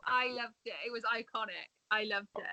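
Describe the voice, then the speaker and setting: A woman's voice: a little high, fairly even intonation, brisk, sharp tone, no echo. A woman joining a casual podcast chat, talking in a chatty, enthusiastic way.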